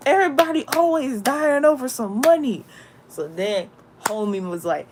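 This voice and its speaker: Casual woman spiritual vlogger, slangy, rambling storyteller, mid pitch, faint hiss. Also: expressive, normal speed. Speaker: spiritual content creator.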